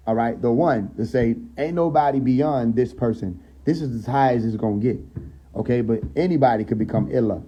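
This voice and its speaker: Mellow husky man teaching on a live stream. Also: mid-range voice, lo-fi sound. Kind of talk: casual live teaching on scripture. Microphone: phone.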